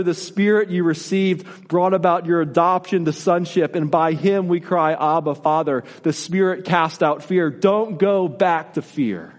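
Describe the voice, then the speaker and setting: A man's voice: high-pitched, big-room sound. A man preaching a sermon in an earnest, repetitive style with rising emphasis. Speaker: pastor.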